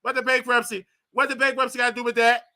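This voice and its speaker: High, bright-voiced mocking male host. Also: quick pace. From United States. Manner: mocking, animated, mimics others in exaggerated voices. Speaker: commentary show host. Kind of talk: casual commentary.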